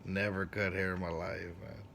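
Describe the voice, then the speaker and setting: A man who works as a barber, casually telling a personal story in street slang, with profanity and lively acted-out quotes. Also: normal speed, creaky, slight background noise. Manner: animated, acts out quoted lines with big jumps in pitch and loudness.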